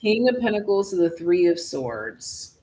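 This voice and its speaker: A tarot reader giving a casual live-stream reading, chatty and slangy, thinking aloud and swinging between hushed asides and loud exclamations. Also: medium pitch, very animated, measured pace, poor audio.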